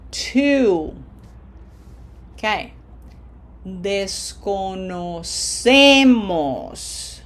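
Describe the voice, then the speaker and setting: This is a woman teaching a recorded online lesson in a slow, unhurried way. Her pitch sits in an ordinary middle range. She repeats each rule patiently, step by step. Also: a little mellow. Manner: patient, repeats drills step by step, slows down to model words. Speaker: Spanish teacher.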